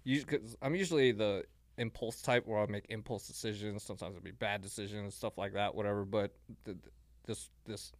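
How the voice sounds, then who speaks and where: Halting, earnest man with a low voice. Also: fairly even intonation, dry recording. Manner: halting, repeats words and restarts, earnest. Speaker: podcast guest, military veteran. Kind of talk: casual podcast chat.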